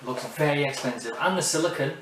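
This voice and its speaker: A man co-hosting a casual haul video, laid-back and chiming in with quick agreements. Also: fairly high pitch, a bit bright, a little hiss or hum. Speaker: YouTube co-host. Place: warm indoor room. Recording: roomy echo, distant mic.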